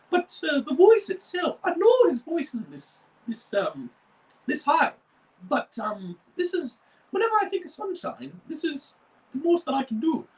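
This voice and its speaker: A man's voice: extremely high pitch, recorded from a distance, low-quality recording. A young man hosting a model-building video, chatting casually and rambling with frequent restarts. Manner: rambling, many fillers and restarts. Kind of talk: casual chat.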